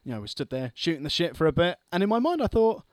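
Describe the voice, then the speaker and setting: A man's voice: fairly high pitch, very animated, fast talker, darkish tone, no room sound. A man hosting a podcast, chatting casually and making dry, wry remarks. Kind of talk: casual chat.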